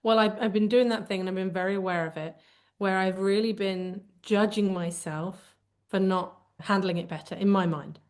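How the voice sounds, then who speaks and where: A woman's voice: mid-range voice, steady tone, moderate pace, a little mellow. A woman co-hosting a conversational podcast, speaking candidly and reflectively as she searches for the right words. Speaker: podcast co-host.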